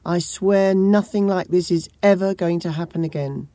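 A woman voicing a volatile young husband who flies into yelling rages and then pleads through tears. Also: fairly low pitch, normal speed, dry recording, lightly acted. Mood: tearful pleading.

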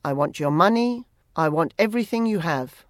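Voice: mid-range voice, animated, normal speed, no echo, studio quality, natural voice. A cold menacing bandit, as a reader voices him. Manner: threatening, mocking. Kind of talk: audiobook character reading.

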